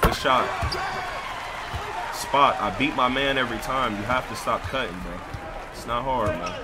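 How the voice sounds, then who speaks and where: A man's voice: mid-range voice, moderate pace, a loud crowd, very noisy. A man in live game voice chat, trash-talking and bossing his teammates around. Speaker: gamer streamer.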